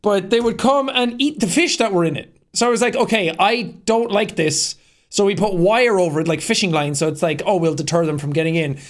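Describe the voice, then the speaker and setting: A man's voice: high-pitched, brisk. A young man co-hosting a podcast in casual chat, joking and laughing a lot. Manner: laughing, jokey, slips into silly voices. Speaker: podcast co-host.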